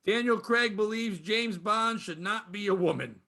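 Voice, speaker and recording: A man hosting a comedy podcast, ranting profanely and swinging from low muttering to loud outbursts. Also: moderate pace, creaky. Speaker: podcast host. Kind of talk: casual comedy podcast rant.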